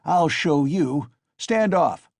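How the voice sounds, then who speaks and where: A man reading an audiobook, voicing a drunken, brutal peasant man who shouts ferociously. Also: a little high, animated, takes it slowly, no room sound, pitched above the performer's own voice, heavily acted. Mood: furious shouting.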